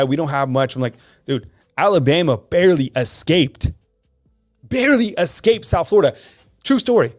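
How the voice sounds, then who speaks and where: Male host for a live sports call-in show, animated and conversational, faint music underneath. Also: on the high side. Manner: animated, conversational, reads fan comments aloud.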